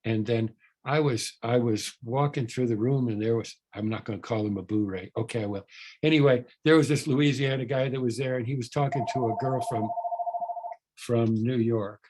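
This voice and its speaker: A man's voice: mid-range voice, moderate pace, noisy background. An older man speaking at a recovery workshop, telling a story in a rambling, earnest way with many restarts and repeated words.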